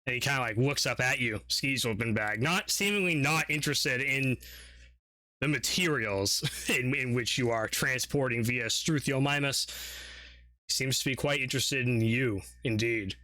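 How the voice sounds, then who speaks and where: A man's voice: mid-range voice, moderate pace, pushed and bright, no echo. A man narrating as dungeon master in a rambling, profane way, full of filler words and laughter. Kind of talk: narrating a tabletop game.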